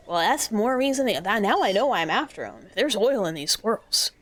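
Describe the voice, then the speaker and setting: A woman's voice: medium pitch, brisk. A woman streaming a horror game, talking in a casual, rambling way with lots of fillers and the odd swear. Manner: rambling and excitable, swears freely. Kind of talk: casual gameplay commentary.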